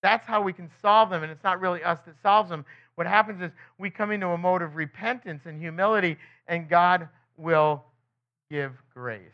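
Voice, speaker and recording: Man, high voice, conversational sermon, Bible teacher, rhetorical questions, dull lo-fi sound. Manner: asks the listeners frequent rhetorical questions; breaks into quick acted quotes of other people. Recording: dull lo-fi recording.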